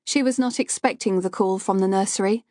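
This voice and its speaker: A woman's voice: mid-range voice, no echo. Woman narrating a thriller, dry and close. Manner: steady, measured storytelling.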